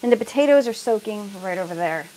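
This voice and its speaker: A woman's voice: medium pitch, animated, quick pace, warm tone, a little hiss or hum, poor audio. A middle-aged woman from the United States chatting casually while cooking in her home kitchen, laughing often and reading out viewers' comments. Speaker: cooking livestream host.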